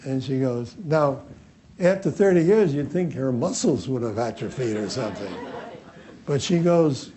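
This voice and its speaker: A man's voice: medium pitch, expressive, normal speed, dark tone, a faint crowd. A man teaching a workshop class, telling anecdotes in a loose, repetitive way and acting out the dialogue. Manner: storytelling, acts out dialogue, repeats himself. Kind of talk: anecdotal seminar lecture.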